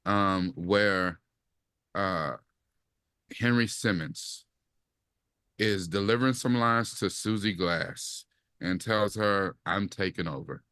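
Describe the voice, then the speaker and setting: A man co-hosting a podcast, talking casually about a TV series and acting out quoted lines in lively bursts. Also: low-pitched, slow pace, pauses often, smooth, no echo. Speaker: podcast co-host. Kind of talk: casual chat, TV review.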